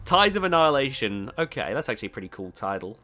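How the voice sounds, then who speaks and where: Bright, lively, sarcastic live reactor. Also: mid-range voice, fast, a little hiss or hum. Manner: sarcastic, exclamatory, jokey. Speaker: livestream reactor.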